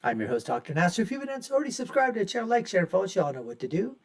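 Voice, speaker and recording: Talking very fast in a high-pitched, sing-song voice, this show host offers emphatic, opinionated commentary on his own, again and again calling his audience folks. He repeats lines for impact and shifts between loud and quiet.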